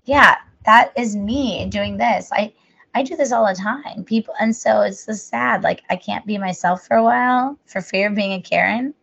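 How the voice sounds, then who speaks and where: A woman's voice: medium pitch, normal speed, gravelly, a bit bright, slightly rough. A woman co-hosting a podcast, chatting casually in a rambling, jokey way. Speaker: podcast co-host. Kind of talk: casual chat. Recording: muffled lo-fi audio.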